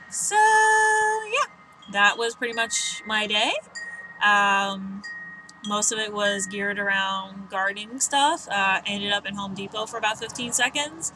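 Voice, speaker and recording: A young woman with a bright, sharp voice chats on an outdoor balcony. She rambles with a lot of "um" and "you know" and pokes fun at herself. A faint hiss sits under the recording. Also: mid-range voice, poor audio. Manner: chatty, self-mocking, rambling with many fillers. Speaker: vlogger. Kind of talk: casual chat.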